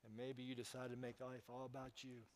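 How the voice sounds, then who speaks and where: A man delivering a Sunday sermon from the pulpit, mid-pitched and emphatic. He tells a story with bursts of loudness and then drops low to speak directly to his listeners. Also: monotone, fairly quick, poor audio. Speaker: pastor. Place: church.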